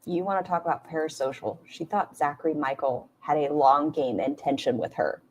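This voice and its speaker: A woman talks over clips in a lowish voice, blunt and mocking. Her commentary is casual and full of swearing and sarcastic asides. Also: fairly quick, a little hiss or hum. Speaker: commentary streamer reacting to clips.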